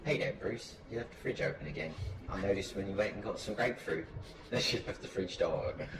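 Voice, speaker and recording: A man doing an impression of an older male butler who fusses gently, in a mock-earnest way. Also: sits low, animated, fairly quick. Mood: fussing. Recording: echoey room with loud noise.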